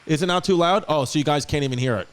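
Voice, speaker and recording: A man's voice: a little high, quick pace, clear, resonant tone. A man hosting a podcast in a casual, joking manner, rattling off dates and teasing his guest. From United States. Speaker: podcast host.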